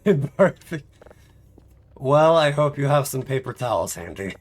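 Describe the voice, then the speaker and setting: A man's voice: medium pitch, expressive, normal speed. A man streaming a game live, chatting casually in a rambling, self-mocking way and laughing often.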